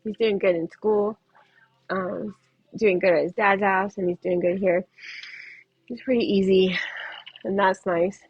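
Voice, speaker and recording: A woman's voice: mid-range voice, steady tone, unhurried, pauses often, husky, dry recording, muffled recording. Chatty woman doing a casual livestream. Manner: chatty and loose, with frequent laughs. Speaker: tarot reader. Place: at home.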